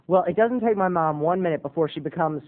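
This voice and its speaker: A man in his twenties, a video blogger telling a comic story in an animated, dramatic, self-mocking way. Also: fairly high pitch, fast talker, narrow, tinny audio. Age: 20s.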